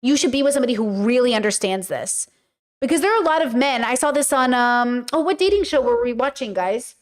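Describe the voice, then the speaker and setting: A woman's voice: a little high, lively intonation, quick pace. A woman hosting a podcast, talking frankly and casually to her viewers, with lots of fillers, casual swearing and acted-out quotes. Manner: chatty, frank, many fillers, acts out quoted speech. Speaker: podcast host.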